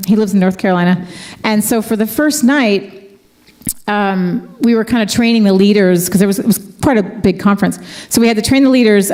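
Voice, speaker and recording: A woman's voice: mid-range voice, a little mellow. Chatty middle-aged woman worship leader. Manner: chatty, heartfelt, laughs easily. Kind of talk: casual storytelling between songs at a church concert. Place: church event space.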